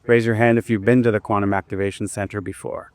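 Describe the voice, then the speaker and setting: At a wellness event, a man with a lowish, level, somewhat dark voice shares a personal story with a live audience. He talks casually, using fillers and restarting sentences, and guides the group through slow breathing.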